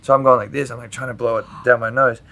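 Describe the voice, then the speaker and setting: A man with a bright, forceful voice tells a rambling personal story on a podcast, swearing freely and filling his talk with "like". His telling is animated, and he laughs a lot as he goes. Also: mid-range voice, quick pace. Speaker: podcast guest. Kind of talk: casual storytelling chat.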